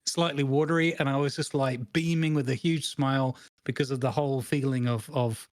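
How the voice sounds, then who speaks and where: Casual male co-host, animated rambling anecdote, dry recording. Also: mid-range voice, normal speed, no room sound. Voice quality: rambling, animated storytelling with many restarts. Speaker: podcast co-host. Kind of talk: casual chat.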